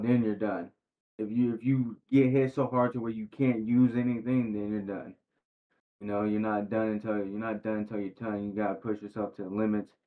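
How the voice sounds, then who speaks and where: Man, boxer guest, laid-back slangy talk, lowish voice, phone-like tinny line. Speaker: professional boxer, podcast guest. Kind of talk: casual interview chat.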